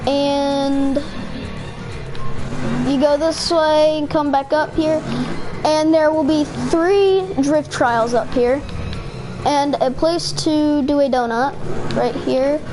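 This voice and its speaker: A woman's voice: high-pitched, fairly even intonation, slow pace, long pauses, over music. A woman giving casual let's-play commentary on a racing game, rambling with many fillers and restarts. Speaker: gaming channel host. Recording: noisy with car game sounds. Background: racing game engine noise.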